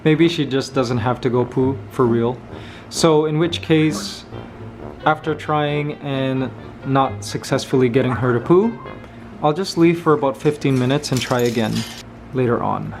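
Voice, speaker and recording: Slow easygoing guy chatting to his parrot at home, goofy and playful. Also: mid-range voice, soft background music. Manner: playful, sings snatches of carols. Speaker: vlogger. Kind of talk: casual vlog talking to his parrot.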